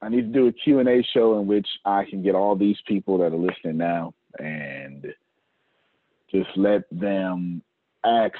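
A man hosting an easygoing business meeting speaks at normal speed in a low, slightly rough voice, laughing, joking, and repeating himself while assigning tasks. The recording is dry yet tinny, as if over a phone.

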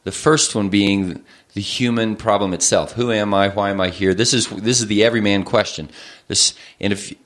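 A man's voice: on the low side, fairly even intonation, normal speed, fairly bright tone. A man who is a family doctor, explaining things thoughtfully in an interview, often restarting his sentences.

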